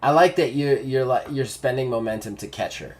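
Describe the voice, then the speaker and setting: A man's voice: medium pitch, brisk, very noisy. A man narrating a tabletop game as game master, casual and swearing freely. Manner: casual, swears, laughs easily.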